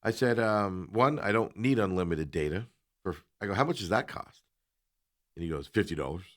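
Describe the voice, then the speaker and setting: Lowish-voiced man telling a story. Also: moderate pace. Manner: animated, acts out both sides of the dialogue. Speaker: talk show host. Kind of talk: casual storytelling chat.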